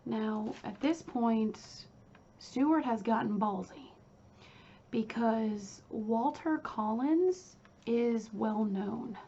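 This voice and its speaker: Woman chatting thru a true crime case, blunt, lots of "like", slow, dull audio with faint hum behind. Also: on the high side, warm tone. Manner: casual, blunt, with frequent "like". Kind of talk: casual true crime narration. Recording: dull lo-fi recording with faint ambience.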